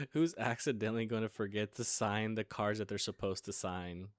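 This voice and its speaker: A man's voice: on the low side, moderate pace, dry recording. Laughing male host, dry close sound. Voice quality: laughs often while asking. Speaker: podcast host asking questions. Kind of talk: casual chat.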